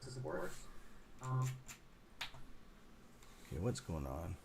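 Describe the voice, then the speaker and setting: A man's voice: low voice, sing-song, slow pace, gravelly, darkish tone, slight background noise. Muttering, cursing man hosting a livestream. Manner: mutters and swears at the computer, then cheers on viewers. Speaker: livestream host. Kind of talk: casual livestream chat.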